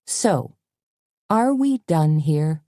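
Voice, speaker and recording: A woman's voice: low-pitched, expressive, very slow, mellow, no room sound, clean studio sound, exaggerated voice. A woman voicing a no-nonsense middle-aged cafe owner in an audiobook, firm and dryly scolding. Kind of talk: audiobook character voice.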